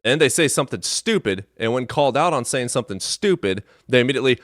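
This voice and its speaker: A man hosts a live debate stream in a casual, blunt way and drops sarcastic, profane jabs. His voice sits at an ordinary middle pitch. It is recorded dry and close, with no room echo. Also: animated, quick pace, few pauses, a bit bright.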